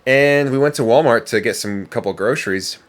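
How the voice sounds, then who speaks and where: A man's voice: medium pitch, fairly quick. A man co-hosting a parenting podcast, chatting casually and rambling with lots of fillers and restarts. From United States. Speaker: podcast co-host. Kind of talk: casual chat.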